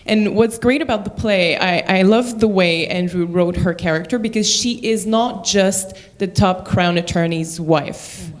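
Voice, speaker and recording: A woman's voice: medium pitch, measured pace, hardly any pauses. A woman from Quebec with a French Canadian accent, an actor chatting about her role in a stage play and laughing often. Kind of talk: interview chat.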